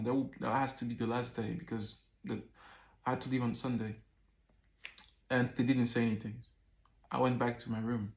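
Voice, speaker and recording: Animated man in his thirties, echoey room. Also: medium pitch, normal speed, pauses often. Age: 30s. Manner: animated, repeats words, swears freely. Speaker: vlogger. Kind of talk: casual storytelling to camera.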